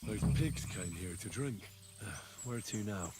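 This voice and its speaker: A man's voice: on the low side, animated, takes it slowly, heavy background noise. An actor playing a dry, sarcastic young male peasant hero in a video game. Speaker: game protagonist. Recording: game audio with loud music.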